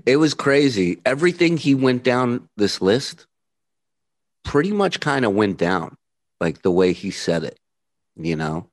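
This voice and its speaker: A man's voice: mid-range voice, very animated, measured pace. A man hosting a podcast, talking earnestly about a late mentor in a casual chat. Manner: earnest, reflective. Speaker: podcast host.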